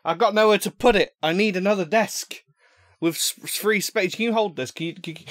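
A man's voice: high voice, a little fast, a bit bright, dry recording, studio quality. Rambling young man's home vlog. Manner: rambling and jokey, full of fillers and restarts. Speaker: vlogger opening fan mail. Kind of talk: casual unboxing vlog. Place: room at home. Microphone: desk microphone.

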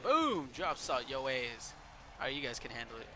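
A man giving casual let's play commentary over a wrestling game, excitable and swearing, yelling at the game and shouting out moves. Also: medium pitch, normal speed, noisy background. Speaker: gameplay commentator.

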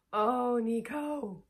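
A woman cooing to her dog and a baby at home, in a soft sing-song way. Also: on the high side, breathy edge. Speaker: dog owner filming her pets. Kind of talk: cooing baby and pet talk. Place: home, indoors.

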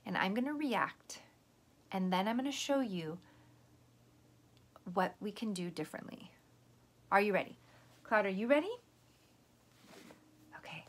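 Gentle teacher woman talking to children. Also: mid-range voice, animated, a little slow, pauses often. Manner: gentle, patient, explains step by step. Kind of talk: lesson for young children.

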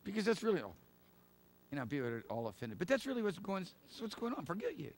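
A man's voice: high-pitched, sing-song, fast. Man preaching in an emphatic, chatty way. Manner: emphatic, conversational preaching with laughs and asides. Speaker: pastor. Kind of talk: sermon.

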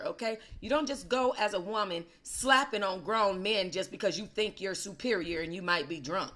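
Female livestream host, bright forceful voice, slangy and emphatic, casual commentary to a chat. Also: lowish voice, normal speed, few pauses.

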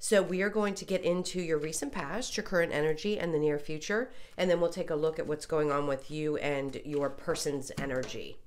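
A low-pitched woman gives a casual tarot reading, her voice stuffy and congested from a recent illness. She talks in a chatty, loose way, with little apologies and ums along the way. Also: fairly even intonation, fairly quick, hardly any pauses, a little mellow. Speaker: tarot reader.

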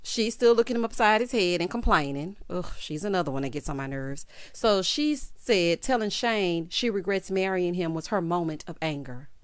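A woman's voice: on the low side, moderate pace, few pauses, dry recording, clean studio sound. A woman giving a sassy, casual recap of a reality TV show, mimicking the cast as she goes. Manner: sassy, animated, mimics the cast in quoted voices.

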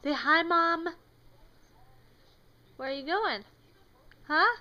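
A young mother talking to her baby in slow, coaxing, sing-song baby talk. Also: very high voice, lively intonation, highs cut off.

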